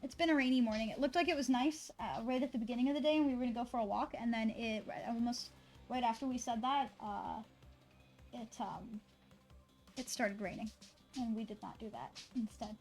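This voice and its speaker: High-voiced, rambling woman streamer. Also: brisk, a little mellow, faint music behind. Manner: swears freely, rambling and chatty, talks to her dog. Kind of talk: casual stream chat.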